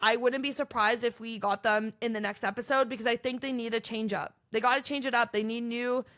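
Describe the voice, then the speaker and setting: A young woman hosting a podcast, chatting in an animated, gossipy way and acting out what others said. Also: a little high, a little fast. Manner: animated, gossipy, acts out quoted contestants. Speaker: podcast host recapping reality TV. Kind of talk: casual chatty recap.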